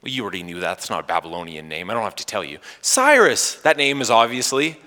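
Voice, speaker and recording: Animated male pastor preaching in a hall. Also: sits low, very fast. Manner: animated, rising emphasis and playful asides to the congregation. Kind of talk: sermon.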